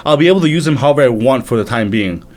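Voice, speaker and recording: A man voicing a calm, scheming young male prince who speaks in a cool, matter-of-fact way. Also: medium pitch, rapid-fire, lightly acted.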